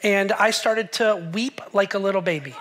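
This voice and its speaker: A man's voice: high voice, moderate pace, fairly bright tone, slight background noise. A man in his forties, a pastor giving a sermon in a church hall, telling a personal story with humor and speaking to the congregation. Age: 40s.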